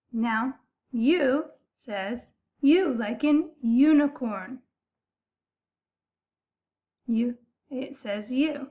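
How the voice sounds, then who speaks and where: A woman teaching a phonics lesson, saying each sound slowly and stretching it out for young learners. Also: high-pitched. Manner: slow, deliberate, stretching out sounds. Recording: phone-like narrow sound.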